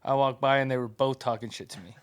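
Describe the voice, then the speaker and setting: Relaxed rambling man, mid voice. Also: medium pitch, quick pace, clear, resonant tone. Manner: relaxed, rambling, lots of fillers. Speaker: MMA team member. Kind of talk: casual podcast chat.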